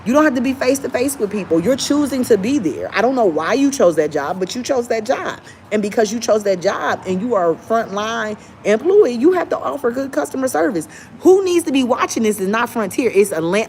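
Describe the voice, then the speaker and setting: A young woman venting about airline customer service in an opinionated rant to camera, now and then putting on a soft, polite service voice. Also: a little high, sing-song, fairly quick, slight background noise. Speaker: travel vlogger.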